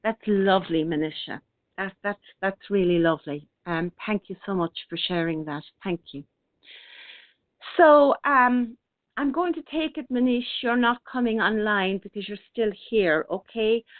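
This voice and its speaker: Gentle woman on a phone-like line. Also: mid-range voice, dry recording. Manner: gentle, unhurried, with many hesitations and restarts. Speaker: radio show host. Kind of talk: casual spiritual talk, reading out listener comments. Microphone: online radio broadcast. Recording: thin phone-like line, dry.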